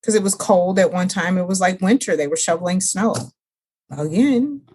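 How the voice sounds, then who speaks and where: A woman's voice: fairly low pitch, darkish tone. A woman co-hosting a casual book-chat podcast, chatty and emphatic in her opinions. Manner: emphatic, drawn-out complaints, chatty. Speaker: podcast co-host.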